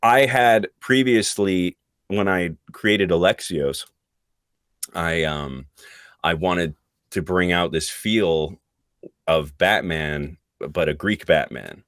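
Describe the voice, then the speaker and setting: A middle-aged man with a very low voice talks through a casual podcast interview. His speech is reflective and unhurried, and he keeps pausing to find the right words. The sound is dry and close, with no room echo. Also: a bit bright, clear, resonant tone. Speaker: voice actor guest.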